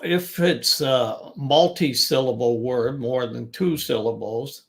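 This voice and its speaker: A man's voice: mid-range voice, creaky. An older man coaching business English in a chatty talk, restarting sentences and repeating words to show their stress. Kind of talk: informal online teaching talk.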